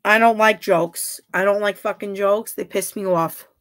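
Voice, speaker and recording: Chatty woman streaming live, blunt, curses a lot, bright edge on her voice. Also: mid-range voice, steady tone, moderate pace. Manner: chatty, blunt, swears freely. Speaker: livestreamer reading chat. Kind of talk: casual live-stream chat.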